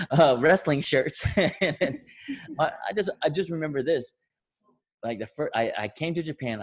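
A man hosting a podcast, telling a long rambling story with lots of swearing and laughter. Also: fairly low pitch. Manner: rambling, profane, laughs often. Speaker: podcast host. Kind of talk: casual storytelling.

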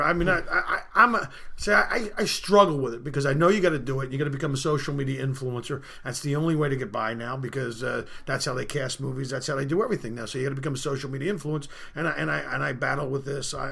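Gravelly, profane man chatting. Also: medium pitch, quick pace, fairly bright tone. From Philadelphia. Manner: profane, rambling, stammering restarts. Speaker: podcast guest, comedian. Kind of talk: casual podcast chat with crude jokes.

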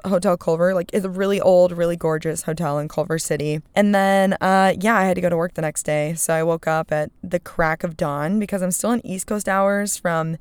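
A young woman chatting on her solo podcast, bubbly and rambling, poking fun at herself. Her voice sits a little low and sounds smooth and clean. It is recorded close and dry from inside a parked car. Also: steady tone, a little fast, hardly any pauses, no echo. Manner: chatty, bubbly and self-deprecating, rambling asides. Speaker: podcast host. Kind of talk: casual solo podcast chat.

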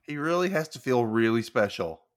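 A man hosting a podcast, chatting casually and jumping in with reactions and jokes. His pitch moves around a lot, making him sound animated. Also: normal speed. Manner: relaxed, chimes in with reactions and jokes. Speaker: podcast host.

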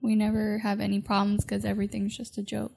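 A woman guest speaks in a relaxed chat with a gravelly, husky voice. Her answers are short and easygoing, and she giggles easily. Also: medium pitch, fast. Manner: laid-back, giggly, brief answers. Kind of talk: casual chat.

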